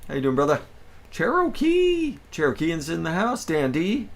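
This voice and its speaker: A man's voice: fairly high pitch, wildly swooping pitch, normal speed. A man hosting a casual livestream, upbeat and greeting his viewers one by one. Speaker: livestream host.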